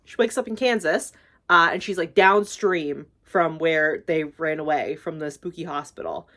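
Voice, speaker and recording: A woman's voice: low-pitched, normal speed, a bit bright. A young woman YouTuber casually recapping a movie, rambling and gushing, swearing freely and filling with "like".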